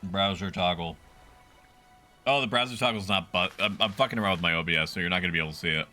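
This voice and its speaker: A man's voice: sits low, fairly even intonation, rapid-fire, pushed and bright. A man streaming a game, chatting casually with viewers in a rambling way and swearing freely. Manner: rambling and profane, talks to chat. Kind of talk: casual gameplay commentary. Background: game music.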